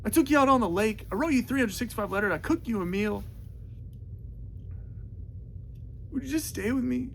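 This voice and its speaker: A man mocking a clingy, melodramatic young man who pleads loudly and whines in exasperation. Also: high-pitched, fast, gravelly, a little hiss or hum, pitched above the performer's own voice. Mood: pleading. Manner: whiny, exasperated, loud pleading.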